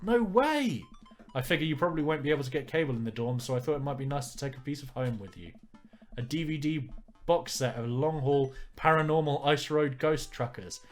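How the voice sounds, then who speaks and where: A man's voice: mid-range voice, fairly quick, soft background music. Wry man reading a game aloud. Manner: wry, joking asides. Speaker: let's player. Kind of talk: reading a visual novel aloud with commentary.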